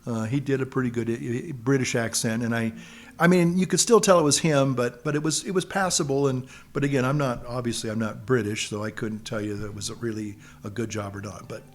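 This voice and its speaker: A man's voice: mid-range voice, soft background music. Rambling man musing on a film. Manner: rambling, halting, hunts for words and restarts often. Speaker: channel host. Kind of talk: casual film commentary monologue.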